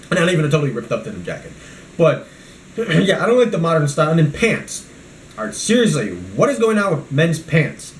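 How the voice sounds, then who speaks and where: A man's voice: fairly high pitch, big pitch swings, fairly quick, reverberant, a little hiss or hum. A man vlogging a toy review, rambling and ranting from one topic to the next.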